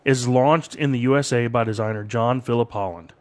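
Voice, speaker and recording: A man's voice: mid-range voice, a little fast, darkish tone. A man hosting a radio show, reading this-day-in-history facts in casual chat with a co-host, chuckling often. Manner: reads date facts with chuckles. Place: radio studio streamed live.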